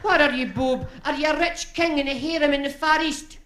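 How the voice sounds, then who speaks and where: A man voicing a nagging middle-aged Dundee wife at a seance, in a shrill falsetto with a Dundee Scottish accent. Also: fairly even intonation, fairly quick, pushed and bright, echoey room, a little hiss or hum. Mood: pleading.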